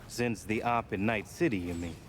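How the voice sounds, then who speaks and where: Actor voicing a dry-witted arms dealer in a game, lowish voice. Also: male voice, normal speed, slight background noise, close to an everyday voice. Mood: wry. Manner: dry, joking sales pitch. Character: wry middle-aged male arms dealer.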